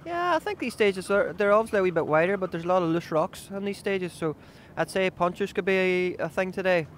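Easygoing young rally driver. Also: male voice, sits high, lively intonation, fairly quick, a little hiss or hum. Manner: easygoing, hesitant with many fillers. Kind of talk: trackside interview answers.

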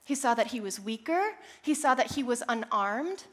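A young woman preaching a sermon, telling a personal story with animated, self-deprecating humor. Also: a little high, normal speed. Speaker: church speaker.

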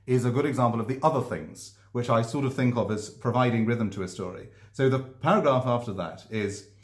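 In an echoey room, a man discusses his writing to camera in a casual, explanatory vlog. He speaks fairly quickly in a mid-range voice, but hesitantly and thoughtfully, with lots of ums and restarted sentences.

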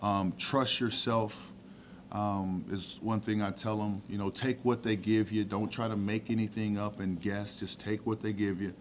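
A middle-aged man with a low voice answers press questions as a football coach. He talks plainly and relaxed, filling pauses with "um" and "you know." A faint hum of the room sits behind him. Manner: relaxed, plainspoken, with frequent fillers. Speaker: football offensive coordinator.

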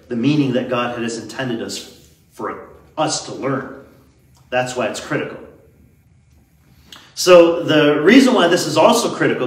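A man preaching an expository sermon as pastor, emphatic, slowing down to stress key words. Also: medium pitch. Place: church. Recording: echoey church hall, mic at a distance.

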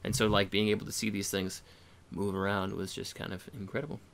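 A man's voice: lowish voice, monotone, fairly quick, creaky, a bit bright. A man guesting on a podcast in casual chat, musing in a rambling way with many hedges.

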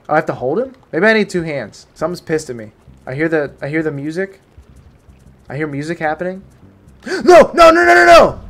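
An excitable young man gives live commentary on his game, chatting to the creatures on screen and reading out messages from chat. His voice sits a little high and swings widely in pitch. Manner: excitable, talks to the game creatures, yelps when startled. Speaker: streamer.

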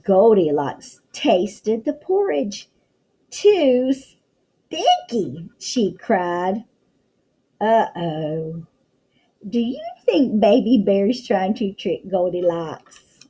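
A woman's voice: medium pitch, dark tone, slightly rough, low-quality recording. A woman teacher reading a picture book aloud to young children, full of exclamations and questions to the listener.

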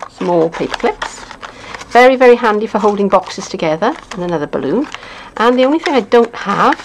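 A middle-aged Welsh woman with a medium-pitched voice chats casually as a craft demonstrator doing an unboxing, rambling along with lots of fillers and little chuckles. There's noisy background sound.

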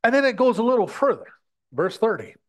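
Impassioned preacher man, lively pitch. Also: brisk. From United States. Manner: impassioned, repeats words, addresses brothers and sisters. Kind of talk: sermon.

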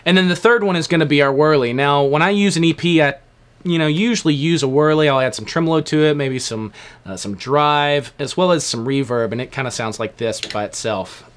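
A man casually walking through piano sounds on a stage keyboard, explaining in a relaxed way with fillers. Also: a little high, fairly quick, clean tone. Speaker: keyboard instructor. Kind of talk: casual instructional walkthrough.

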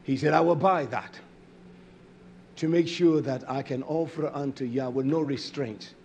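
A man preaching a sermon, repeating phrases for emphasis and swinging between loud outbursts and low muttering, with a scornful edge. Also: unhurried, slight background noise.

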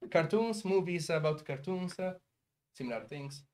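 An Italian-accented man chatting on his live stream at home, his pitch leaping up and down as he talks. He speaks hesitantly, with plenty of fillers, and laughs often. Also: lively intonation, normal speed, a little mellow. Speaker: streamer host. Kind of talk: casual live-stream chat.

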